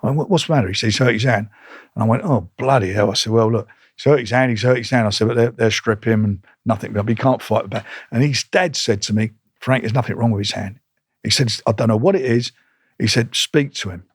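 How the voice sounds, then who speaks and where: A man's voice: lowish voice, fast, slightly rough, no room sound, clean studio sound. Blunt older man telling stories. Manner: blunt, animated, re-enacts conversations in quotes. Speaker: boxing promoter, guest. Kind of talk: casual interview storytelling.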